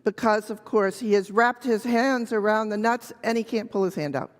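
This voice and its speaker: A woman telling a children's story gently and slowly to a church congregation. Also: mid-range voice. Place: church sanctuary. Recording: reverberant church hall.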